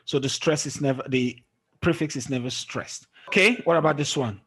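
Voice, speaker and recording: A man teaching a classroom lesson, explaining slowly and quizzing his students as he goes. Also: medium pitch, a bit bright, breathy edge. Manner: slow, drawn-out explaining with questions to students. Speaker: English teacher.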